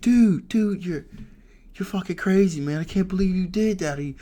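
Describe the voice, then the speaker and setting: A man voicing a frightened friend who frantically yells and swears in disbelief, in a much higher, louder voice than his own. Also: moderate pace, natural voice. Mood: panicked. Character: panicked frightened adult man shouting.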